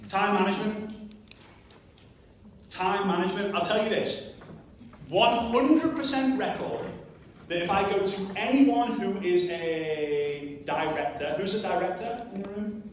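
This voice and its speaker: A man with a fairly high voice delivers a live motivational talk, direct and punchy, firing questions at the crowd. He is picked up from a distance in a very echoey hall, with a faint hum of the room behind him. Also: measured pace. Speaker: motivational speaker at a network marketing event. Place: large hall with a live audience. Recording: very echoey hall recorded from far off.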